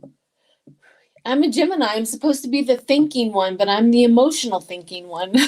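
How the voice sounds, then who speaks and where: A woman's voice: fairly high pitch, a little fast, darkish tone, poor audio. Emotional older woman reading tarot. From Colorado, USA. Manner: emotional, chatty, reads viewer comments aloud. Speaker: tarot reader. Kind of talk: live-stream tarot reading.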